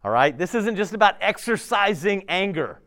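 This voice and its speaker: A man preaching a sermon as a pastor, conversational and animated, with laughs and asides. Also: high voice, moderate pace.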